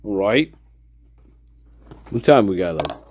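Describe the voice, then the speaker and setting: Animated, profane man ranting. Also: on the low side, slow, a little hiss or hum. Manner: animated, profane and rambling, with sudden outbursts. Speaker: host of a true-crime discussion channel. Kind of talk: casual commentary.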